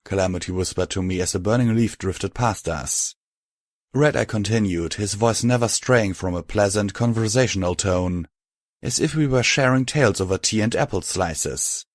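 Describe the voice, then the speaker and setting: Male audiobook narrator, lowish voice, dry close sound. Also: moderate pace, dry recording. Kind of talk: scripted narration.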